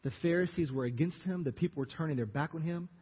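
A man preaching a sermon as pastor, telling the story dramatically and acting out the crowd's shouts. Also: a little high, fast talker, husky. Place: church sanctuary. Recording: dull reverberant church recording.

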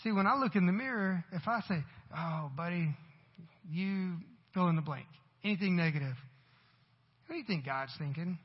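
A man's voice: high-pitched, animated, moderate pace, slightly rough, big-room sound, dull audio. A man who is a parent, preaching a church sermon, earnestly posing questions to the congregation. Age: adult parent. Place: church sanctuary.

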